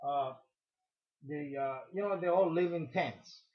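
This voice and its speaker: A man co-hosting a casual radio chat, telling long rambling jokes and stumbling over his words. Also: fairly high pitch. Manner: rambling, halting joke-teller. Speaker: co-host. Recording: dull lo-fi recording.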